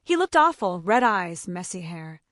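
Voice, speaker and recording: Animated woman narrating a dramatic story. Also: lowish voice, no room sound, clean studio sound. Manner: measured, dramatic first-person telling.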